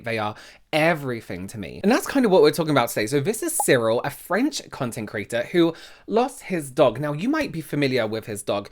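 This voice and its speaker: A man hosting a reaction channel, chatting casually to his viewers. His pitch swings widely and he exclaims in disbelief. He moves between soft asides and loud outbursts. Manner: animated, exclaims and talks straight to viewers.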